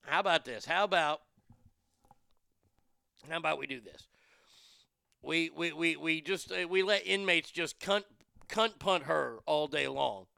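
Male podcast host, crude ranting comic, slightly high voice with a smooth ring. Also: a little slow, pauses often, bright, forceful tone, dry recording, studio quality. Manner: profane, outraged and mocking. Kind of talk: crude comedic news rant.

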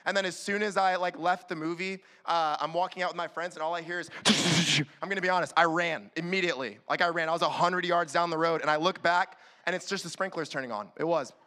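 A man preaching a sermon as youth pastor, animated and acting out quick little voices to the room. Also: on the high side. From California.

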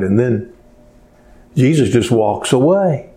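Male pastor, sermon, unhurried delivery, folksy, rhetorical questions, mid pitch. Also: expressive, a little mellow.

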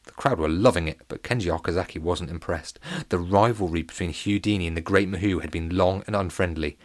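A man narrating a children's story in a playful, animated and comic way. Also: low-pitched, fairly quick, no room sound.

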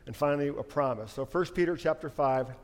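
A man's voice: a little high, quick pace. A middle-aged man preaching a sermon in a conversational, storytelling way. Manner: conversational, anecdotal, animated in stories. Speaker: pastor. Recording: long hall reverb.

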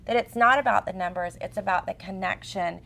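A woman in her forties, co-hosting a casual chat as an expressive, chatty storyteller. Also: mid-range voice, fairly quick, vocal fry. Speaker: co-host.

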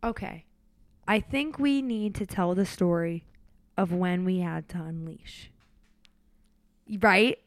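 A woman's voice: lowish voice, slow, pauses often, dry recording. A woman interviewing her son, talking eagerly and prompting him with short questions as she retells a story. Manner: acts out voices while retelling. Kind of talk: casual storytelling chat.

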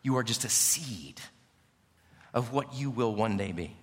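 A male pastor preaching a sermon, emphatic, swinging from loud declarations to hushed, intimate passages. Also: medium pitch, lively intonation, a little slow. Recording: long hall reverb.

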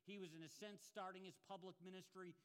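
Male pastor, higher pitch, smooth clear tone, earnest sermon storytelling. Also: fairly even intonation. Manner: earnest storytelling with slow emphatic quotes.

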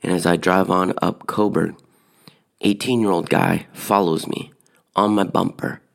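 Brief: low-voiced man, heavy vocal fry, casual personal storytelling. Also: unhurried. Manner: relaxed conversational storytelling.

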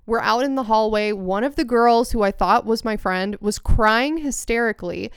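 A woman's voice: a little high, moderate pace, clean tone, no echo, clean studio sound. A young woman co-hosting a podcast, telling rambling stories in casual chat and swearing freely. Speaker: podcast co-host.

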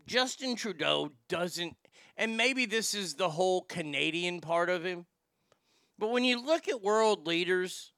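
A man's voice: sits high, expressive, measured pace, sharp tone, dry recording. A man hosting a comedy show, delivering a crude, rambling monologue. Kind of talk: stand-up style comic monologue.

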